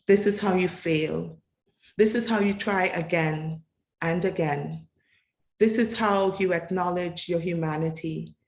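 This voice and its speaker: Woman reading a poem real slow, lowish voice, kind of chanting the repeated lines, echoey room. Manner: incantatory, repeating refrains. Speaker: poet reading a tribute. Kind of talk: slow, measured poetry reading.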